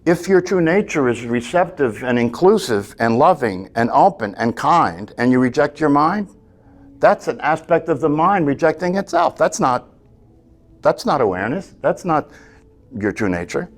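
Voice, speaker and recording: A man's voice: fairly high pitch, animated, normal speed. A man teaching a meditation class, talking earnestly, often checking in with "right?" and restarting his phrases.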